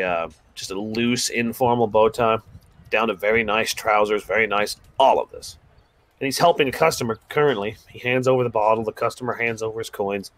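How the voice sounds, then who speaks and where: A man's voice: medium pitch, fairly bright tone, no echo. A man narrating a tabletop game as game master, describing scenes in a casual, rambling way.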